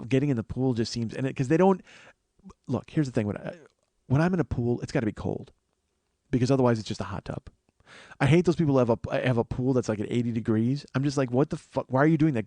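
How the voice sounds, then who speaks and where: A man's voice: on the high side, a little mellow, dry recording. A man hosting a podcast, telling rambling, profane comic stories in a casual monologue. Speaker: podcast host.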